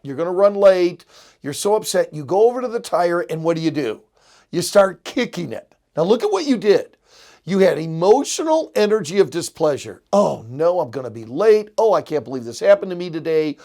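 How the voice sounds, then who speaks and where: Man, middle-aged, lecturer, earnest, emphatic, slightly high-pitched. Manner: earnest, emphatic, illustrates with examples. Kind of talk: recorded seminary lecture.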